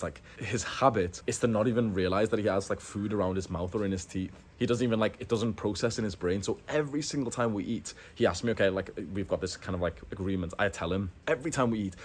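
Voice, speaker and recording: Blunt young man giving casual advice. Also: fairly low pitch. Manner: blunt, filler-heavy, lively emphasis. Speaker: self-improvement YouTuber. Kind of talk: casual advice monologue to camera. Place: in Thailand, indoors.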